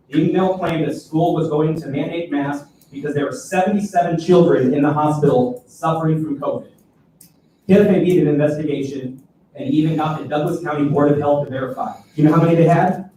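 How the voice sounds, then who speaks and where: A man's voice: a little high, mellow, distant mic, a little hiss or hum. A man giving timed public comment at a school board meeting, pressing his points with rhetorical questions. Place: large meeting room. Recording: echoey room, voice heard from afar.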